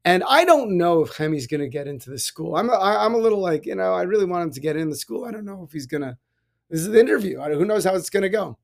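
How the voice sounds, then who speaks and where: A man, a rabbi, giving a casual spiritual talk and telling personal stories, animated with many restarts. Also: high-pitched, quick pace, gravelly. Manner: animated storytelling with frequent restarts and laughs. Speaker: rabbi, podcast host.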